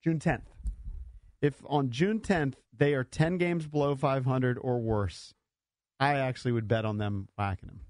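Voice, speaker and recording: A man's voice: medium pitch, measured pace, darkish tone, no echo, studio quality. Opinionated sports radio host, man. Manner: opinionated, talks over others. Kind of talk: casual sports talk.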